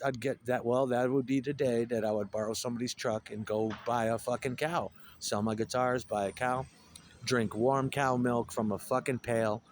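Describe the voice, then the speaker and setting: A man's voice: medium pitch, darkish tone, a little hiss or hum. A man telling profane, digressive stories in a casual rambling monologue, with a wry, joking manner. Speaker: storyteller.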